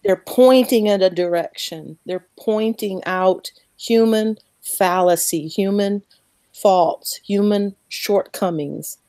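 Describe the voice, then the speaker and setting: A woman speaking slowly and earnestly about her faith as a guest, emotional and close to tears, repeating words as she goes. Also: mid-range voice, mellow, no room sound. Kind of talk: emotional faith talk on a podcast.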